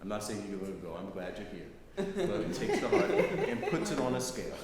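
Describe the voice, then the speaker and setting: Middle-aged male lecturer, conversational storyteller, lower voice, recorded in a reverberant hall. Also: wildly swooping pitch, fairly quick, a crowd in the background. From United States. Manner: conversational, frequent "right?" tags. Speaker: guest lecturer. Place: lecture hall, live audience. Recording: echoey hall, faint noise.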